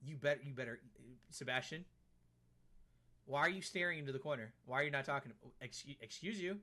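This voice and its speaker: A man's voice: mid-range voice, fairly quick, bright, forceful tone. A man streaming a game live, chatting casually and teasing an on-screen character.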